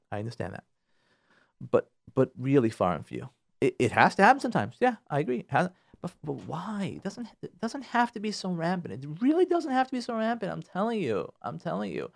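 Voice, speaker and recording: A man with a gravelly, fairly high voice gives marriage advice on a radio talk show, his pitch jumping around as he hammers home every point. He says things more than once for emphasis; the sound is close and dry, with no room sound.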